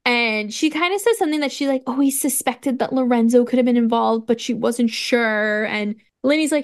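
A woman co-hosting a podcast, casually recapping a story with lively retellings, frequent "like", casual swearing and laughter. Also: on the high side, moderate pace, few pauses. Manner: animated storytelling, acts out dialogue, frequent "like". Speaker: podcast co-host. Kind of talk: casual chat recapping a video game story.

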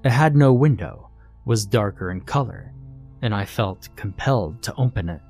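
Man, horror story narrator, scripted, tense and measured, lowish voice, faint background music. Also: expressive, a little mellow.

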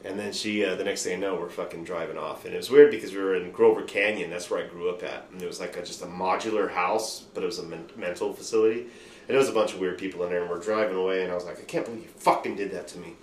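Low-voiced man telling profane stories. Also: steady tone, fast talker. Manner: loose, profane, rambling retelling. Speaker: podcast host. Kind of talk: casual storytelling chat. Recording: roomy room with faint noise.

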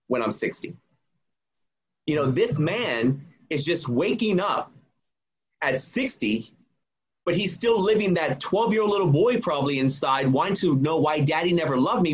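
A man's voice: fairly high pitch, husky. A man in his forties, a memoir author, telling his story earnestly and emphatically as a podcast guest. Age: 40s. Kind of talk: casual podcast conversation.

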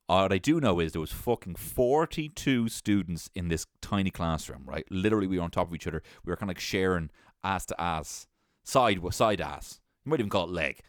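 Guy, young, animated storyteller, lively swinging pitch, dry close sound, salty language. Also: no echo. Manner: animated, swearing, laughing often. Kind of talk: casual storytelling.

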